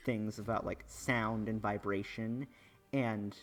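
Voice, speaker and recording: A man's voice: on the low side, fairly even intonation, takes it slowly. Rambling young man doing game commentary. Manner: rambling, filler-heavy storytelling. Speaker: gaming YouTuber. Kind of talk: casual let's play commentary.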